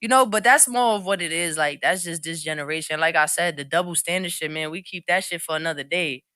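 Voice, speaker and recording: A woman's voice: fairly low pitch, fairly quick, sharp tone, dry recording, clean studio sound. A woman chatting as a podcast guest on a panel, in loose street slang, candid and rambling. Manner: rambling, restarts often. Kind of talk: casual panel chat.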